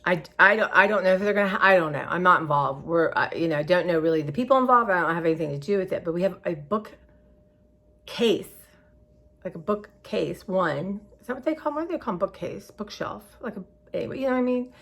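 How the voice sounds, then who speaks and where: Gravelly yet a bit bright, the woman's fairly low voice has lively intonation and a fast delivery. She vlogs in a rambling, scattered, chatty way to viewers, sounding tired and emotional and saying "y'all" frequently.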